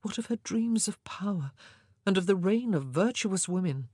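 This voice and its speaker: A woman reading a historical novel aloud in a measured, expressive way. Her voice sits at an average pitch and is recorded close and dry, with no room sound. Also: slightly rough, dry recording. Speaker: audiobook narrator. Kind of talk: scripted narration of a historical novel.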